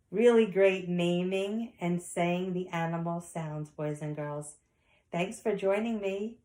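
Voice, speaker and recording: A woman teacher gives an online lesson to young children from home, her lowish, mellow voice slow and reverberant. She speaks in a sing-song way and acts out animal sounds.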